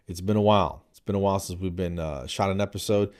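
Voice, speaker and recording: A man tells comic stories on his own podcast, loose and rambling, with plenty of fillers and sudden bursts of energy. His voice sits a little low. He keeps the tone casual throughout. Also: fast. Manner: animated, rambling, jumps into playful voices for quoted people. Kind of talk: casual comedic storytelling.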